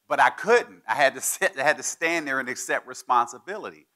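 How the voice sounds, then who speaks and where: A man's voice: mid-range voice, a little fast. A man in his forties giving a storytelling speech, acting out the people he quotes. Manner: animated, acts out quoted people. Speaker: guest speaker.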